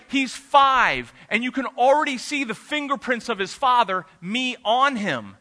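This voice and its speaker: High, sharp-voiced male pastor. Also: animated, measured pace, few pauses. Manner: conversational and anecdotal, with filler "uh"s. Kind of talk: sermon with personal storytelling.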